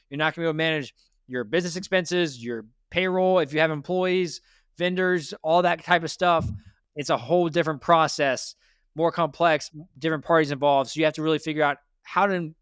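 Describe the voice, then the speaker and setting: A man's voice: fairly high pitch, fairly bright tone, clear, resonant tone, no echo, studio quality. A man hosting a debt interview, giving blunt, lecturing advice and repeating his points. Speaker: financial advice host. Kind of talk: direct money coaching.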